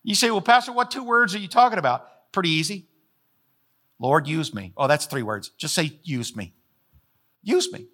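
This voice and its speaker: High, bright-voiced preaching pastor. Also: male voice, expressive, normal speed. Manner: folksy, emphatic, repeats phrases for emphasis. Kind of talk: sermon.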